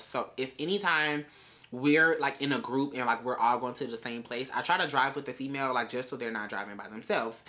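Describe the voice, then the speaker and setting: A woman's voice: rumbling low, bright, forceful tone. A young woman telling a wild story in a vlog, brash and full of swearing. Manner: brash, profane, chatty storytelling. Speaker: vlogger.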